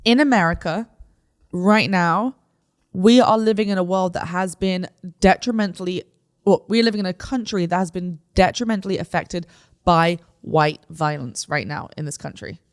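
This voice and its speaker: A woman's voice: fairly low pitch, no room sound, studio quality. A woman co-hosting a podcast, talking in a casual, insistent way with lots of fillers. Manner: rapid, many fillers, insistent. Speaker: podcast co-host. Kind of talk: casual debate chat.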